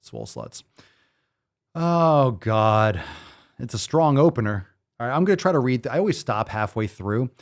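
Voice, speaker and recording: A male fitness host in full rant mode, swearing freely and firing off incredulous rhetorical questions. His pitch swings all over the place as he talks, sitting at an ordinary middle height. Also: lively intonation, moderate pace. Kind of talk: ranting commentary.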